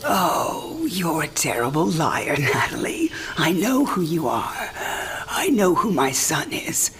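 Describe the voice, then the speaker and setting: A woman's voice: low-pitched, sing-song, slow, crowd noise, heavily acted. A frank, wry dying old mother. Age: older. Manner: wry, teasing, frank, often hushed. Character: dying elderly mother, warm, sharp-witted, frank. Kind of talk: video game cinematic drama.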